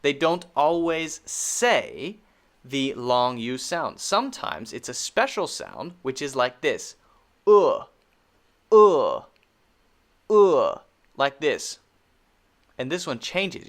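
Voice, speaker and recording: Male American pronunciation teacher, slow and deliberate, lively pitch, repeats model words. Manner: models vowel sounds slowly and repeatedly. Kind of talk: pronunciation lesson.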